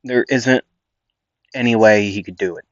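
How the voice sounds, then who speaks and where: Brief: casual young male storyteller, low-pitched, meandering, on a muffled home mic. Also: normal speed, no room sound. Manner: rambling, full of "like" and restarts. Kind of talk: casual improvised fan-story narration.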